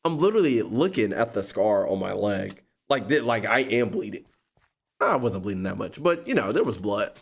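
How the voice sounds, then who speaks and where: A man hosting a gaming video, telling a story in a slangy, expressive way and often breaking into laughter. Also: fairly low pitch, normal speed, creaky, breathy edge. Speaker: gaming YouTuber host. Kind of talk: animated storytime while playing a game.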